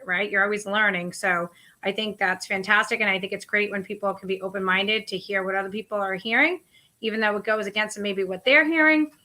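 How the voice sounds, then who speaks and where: A woman's voice: mid-range voice, sharp tone. A woman co-hosting a casual chat, speaking in an encouraging, reflective way. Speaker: co-host.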